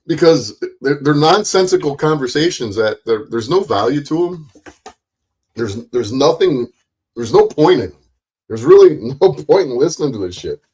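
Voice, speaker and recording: A man's voice: fairly high pitch, sing-song, normal speed, darkish tone, husky. A man streaming an angry ranting monologue, blunt and full of swearing, repeating himself with frequent restarts and mocking other people's voices.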